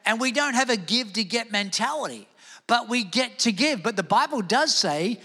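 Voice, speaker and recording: High, bright-voiced preacher in a hall. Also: male voice, normal speed. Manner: energetic preaching, calls on the crowd to shout back. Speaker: pastor. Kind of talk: sermon. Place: large church service.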